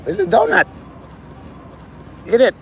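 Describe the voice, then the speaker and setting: A man's voice: very high-pitched, wildly swooping pitch, unhurried, vocal fry, a crowd in the background. A man rambling on a live stream from an open-air city plaza, joking, swearing and talking to the birds. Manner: loose, joking, swears casually, talks to birds and viewers. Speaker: livestream vlogger. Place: open-air plaza among tall city buildings, outdoors. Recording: outdoor phone audio with street noise. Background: city street ambience.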